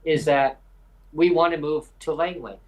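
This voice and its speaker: A man's voice: fairly high pitch, normal speed, rough recording. A man from British Columbia, Canada, hosting a live podcast. He talks in a rambling, emphatic way with many hesitations. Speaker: podcast host. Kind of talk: live podcast advocacy talk.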